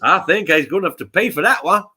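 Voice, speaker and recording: A man's voice: sits high, lively intonation, fast, sharp tone, husky. A man from England co-hosting a live football watch-along, telling a sweary story in casual chat. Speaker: co-host.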